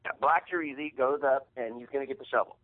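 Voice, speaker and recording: A man's voice: medium pitch, quick pace. A man hosting a podcast, retelling an embarrassing story in a casual, profane, heated way. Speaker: podcast host. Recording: tinny phone-like sound.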